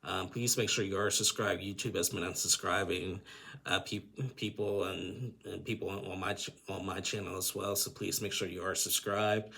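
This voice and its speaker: A man's voice: low-pitched, steady tone, normal speed, gravelly, pushed and bright, husky. A man hosting a casual recap of a reality TV episode for his channel, chatty, often acting out what the people said. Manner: chatty, acts out the couple's lines in quoted voices. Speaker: YouTube recap host.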